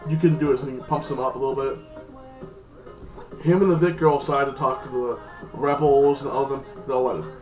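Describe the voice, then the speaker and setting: Recorded in an echoey room with music, a man with a medium-pitched, slightly mellow voice recaps a TV episode. He speaks briskly with fairly even intonation, rambling crudely and using lots of fillers.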